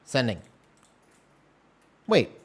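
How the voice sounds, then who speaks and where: Laid-back male game streamer chatting. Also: extremely slow. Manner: relaxed, rambling, self-deprecating. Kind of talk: casual live-stream chat while gaming. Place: home room.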